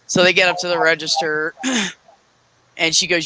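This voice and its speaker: A woman's voice: lowish voice, steady tone, measured pace, bright, forceful tone, slight background noise, poor audio. A woman in her forties casually telling a heated story, swearing often and acting out quoted dialogue. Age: 40s. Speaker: streamer.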